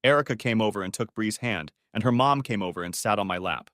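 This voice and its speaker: A man's voice: fairly low pitch, fast talker, a bit bright, dry recording, studio quality. A man narrating a first-person story audiobook in a wry, conversational way.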